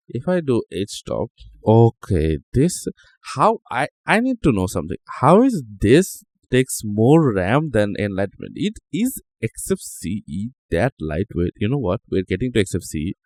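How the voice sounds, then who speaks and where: A man's voice: on the low side, a little mellow, dry recording. A man hosting a tech channel, talking casually over a screen recording, joking and reacting aloud to what he sees.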